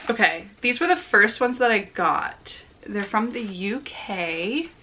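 A young woman crochet vlogger chatting casually while unboxing, gushing and excitable with gasps and giggles. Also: medium pitch, slow pace.

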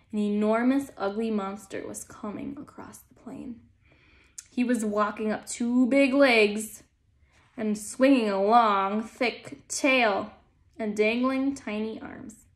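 Gentle woman reading a storybook aloud. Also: on the high side. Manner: gentle and calm, guiding listeners. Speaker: teacher. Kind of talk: children's storybook read-aloud.

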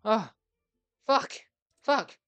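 A woman's voice: extremely slow, no room sound, muffled recording. A young woman giving frantic, exasperated let's play commentary with lots of swearing. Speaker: gaming YouTuber.

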